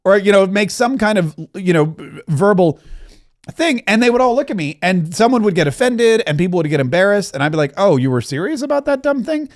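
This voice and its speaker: A middle-aged man hosting a podcast, telling anecdotes in casual commentary and laughing out loud as he acts out what people said. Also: high-pitched, expressive, fairly quick. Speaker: podcast host.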